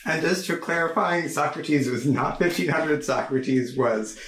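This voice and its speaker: A man's voice: a little high, unhurried, a bit bright, roomy sound. A man, the show's producer, chiming in with matter-of-fact corrections.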